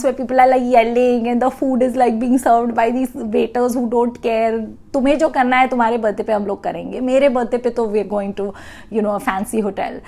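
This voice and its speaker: A woman's voice: sits high, darkish tone. A woman, hosting a casual vlog and telling a story animatedly, acting out the dialogue. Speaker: host.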